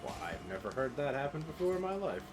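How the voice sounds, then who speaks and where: A man's voice: very animated, fast, over music. A young man playing a game and trading dry jokes with his co-host. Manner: wry, joking, swoops between high and low. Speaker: gaming co-host. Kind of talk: casual let's-play chat.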